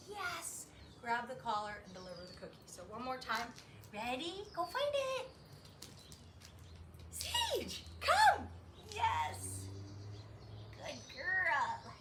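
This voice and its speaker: Woman, dog trainer, high voice, animated, excited praise for puppies, echoey room, distant mic. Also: background noise. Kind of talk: demonstrating training.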